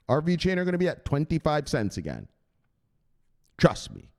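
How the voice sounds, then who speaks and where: A man hosting a crypto channel, chatting excitedly and profanely, who shouts out exclamations and then drops to low mutters. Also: moderate pace, long pauses. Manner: swings between loud bursts and low mutters. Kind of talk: excited unscripted livestream chat.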